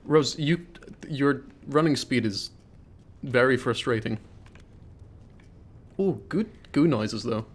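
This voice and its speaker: A man's voice: medium pitch, takes it slowly, pauses often. A man streaming a horror game live, cracking jokes, swearing and hamming up his reactions. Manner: jokey, swears, loud over-the-top reactions. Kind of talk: live gameplay commentary.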